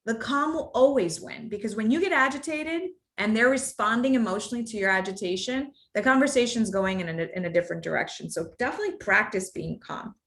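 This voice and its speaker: A woman's voice: mid-range voice, fast, few pauses, fairly bright tone. A woman with children, presenting a workplace workshop on difficult conversations in a conversational way. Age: adult, parent of children. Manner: conversational, demonstrates tones with exaggerated acted examples.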